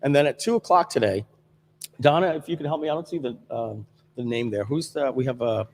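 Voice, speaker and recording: Gravelly man hosting a live stream. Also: medium pitch, brisk, a little mellow, in a large hall, slight background noise. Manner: rambling with many fillers and restarts. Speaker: livestream host. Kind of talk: casual live-stream presentation. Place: studio.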